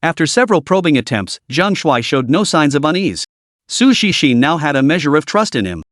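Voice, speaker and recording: A man's voice: on the high side, very animated, brisk, fairly bright tone, dry recording, studio quality. A man narrating a story recap in a scripted, dramatic storytelling manner.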